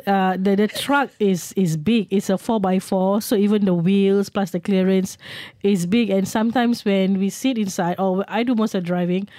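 A middle-aged woman, a guest telling travel stories in a chatty, lively way. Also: medium pitch, no room sound, studio quality. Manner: chatty, lively anecdotes with fillers. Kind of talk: casual storytelling.

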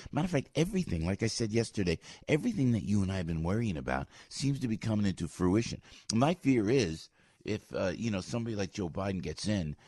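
Older New man, husky low voice, rambling excitable morning radio host, dry studio mic. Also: no room sound. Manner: rambling, excitable, self-interrupting, with sudden high squeaks. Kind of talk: animated talk radio monologue. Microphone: studio microphone.

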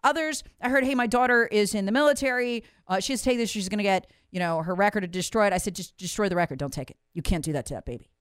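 A woman's voice: medium pitch, fast, hardly any pauses, smooth, no echo, studio quality. A woman, hosting and delivering an angry, emphatic monologue full of rhetorical questions. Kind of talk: impassioned monologue.

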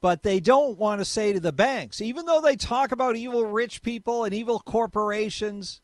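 A man's voice: high-pitched, normal speed, dry recording. A man hosting talk radio, emphatic and opinionated, speaking into a studio mic. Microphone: studio microphone.

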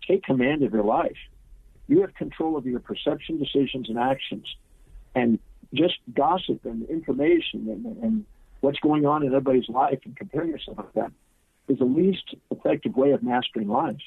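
A middle-aged man answers in an interview with a confident, emphatic, instructive manner. His voice is husky and gravelly. It comes through a dry, tinny phone line. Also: fairly high pitch, very animated, fairly quick, no echo. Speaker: guest, seminar teacher.

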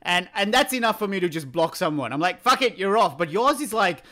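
Aussie guy host, bright voice, a bit high, jokey, swears. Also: sing-song, fairly quick. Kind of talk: casual chat.

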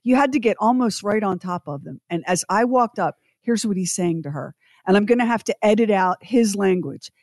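Expressive woman telling a story. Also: medium pitch, brisk, few pauses, no room sound, studio quality. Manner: expressive, emphatic, swings to loud indignation. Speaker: guest storyteller. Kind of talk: animated personal storytelling.

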